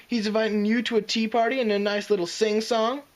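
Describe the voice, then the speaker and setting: A man's voice: high voice, level tone, a little fast, voice pushed up, natural voice. A man voicing Dash, a brash, pugnacious female pony who argues back. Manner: pugnacious, hissing, grim.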